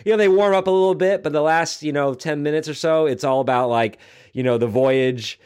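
A man's voice: fairly high pitch, fairly quick, darkish tone, smooth. A man co-hosting a podcast in casual chat, rambling with many fillers and restarts and joking along. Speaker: podcast co-host.

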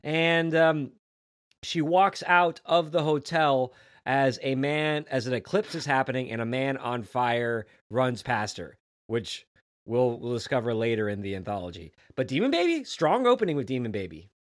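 Animated man chatting, dry close sound. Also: medium pitch, normal speed, no echo. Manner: animated, jokey, acts out quotes. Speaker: podcast co-host. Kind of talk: casual chat about a comic.

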